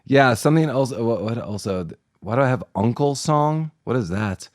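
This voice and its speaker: A man's voice: medium pitch, expressive, moderate pace, no room sound, studio quality. A man co-hosting a casual podcast chat, joking around and laughing often. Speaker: podcast co-host.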